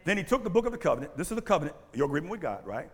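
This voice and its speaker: A male pastor preaching a sermon in church on a mic, animated and full of call-and-response questions. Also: fairly high pitch, racing, husky, big-room sound. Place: church sanctuary. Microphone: handheld or stand mic.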